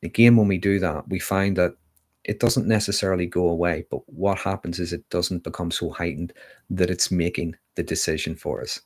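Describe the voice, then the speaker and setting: A man hosting a livestream, calmly explaining ideas in a relaxed, casual way with frequent ums. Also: low voice, normal speed. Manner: calm, explanatory, with frequent fillers. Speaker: livestream host on mental health.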